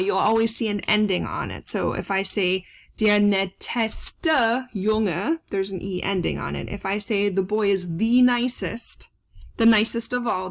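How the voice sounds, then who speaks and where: A woman's voice: mid-range voice, creaky. A woman teaching German grammar in a recorded lesson, explaining step by step with frequent fillers.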